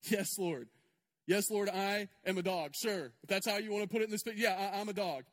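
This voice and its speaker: A man's voice: high-pitched, fairly quick, fairly bright tone. A man voicing a humble pleading mother. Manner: pleading, self-abasing yet persistent.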